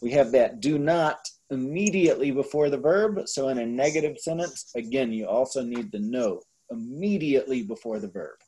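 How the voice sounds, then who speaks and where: A man explains beginner Spanish grammar to his students with easy, patient clarity. His voice has a husky, slightly rough texture, and his pitch sits in an ordinary middle range. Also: lively intonation, moderate pace, hardly any pauses, mellow. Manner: patient, explanatory, casual fillers. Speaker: Spanish tutor. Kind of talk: online tutoring session.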